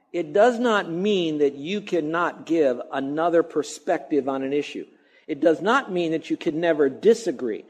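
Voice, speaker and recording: A man preaching a sermon in a church, talking conversationally and drawing out key phrases slowly. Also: a little high, darkish tone. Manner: conversational preaching, stretches key words slowly, mutters mock grumbling. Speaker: pastor.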